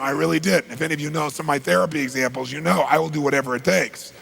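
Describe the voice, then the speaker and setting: A middle-aged man telling a story to an audience in an animated way, dropping to low asides and breaking into loud bursts. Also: rapid-fire, gravelly, slightly rough.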